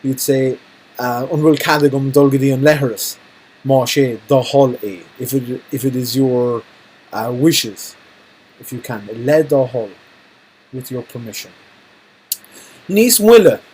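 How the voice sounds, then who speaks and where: A man teaching phrases to children, repeating each word slowly and adding small jokes. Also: mid-range voice, steady tone, a little mellow, breathy edge, low-quality recording. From Ireland. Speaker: Irish language teacher. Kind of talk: recorded language lesson.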